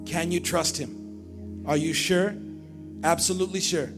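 A man's voice: a little high, steady tone, a little slow, over music. A male pastor preaching to his church, firing questions at the congregation and repeating phrases. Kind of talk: lively sermon with call-and-response. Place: church service.

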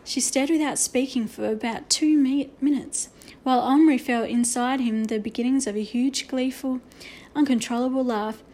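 A woman reading a children's novel aloud, expressive, with small slips and restarts. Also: sits high, normal speed. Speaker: narrator. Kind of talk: storybook reading.

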